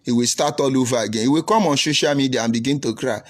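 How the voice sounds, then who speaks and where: A man with a Nigerian English accent hosts a livestream and talks like a pulpit preacher. He reads out viewers' comments and hits back with pointed questions and scolding. His voice sits at an ordinary mid pitch. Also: quick pace. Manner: combative, preachy, rhetorical questions.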